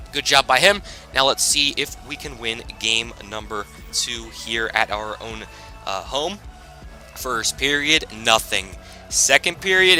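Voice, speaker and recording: A man commentating his own hockey video game season, excitable and quick to shout at big plays, with rambling asides. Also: mid-range voice, low-quality recording. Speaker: gaming YouTuber.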